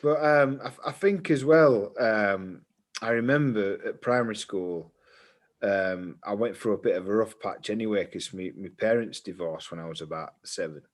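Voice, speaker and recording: A man's voice: fairly low pitch, moderate pace. Chatty man telling stories. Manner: animated storyteller, laughs easily. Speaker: podcast co-host. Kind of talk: casual chat.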